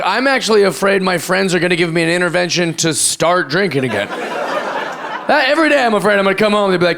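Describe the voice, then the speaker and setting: High, gravelly stand-up comedian on stage. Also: male voice, lively intonation, fast, fairly bright tone. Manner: loose, rambling delivery with acted-out voices. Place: comedy club stage with a live audience. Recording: live club recording with crowd laughter. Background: audience laughter.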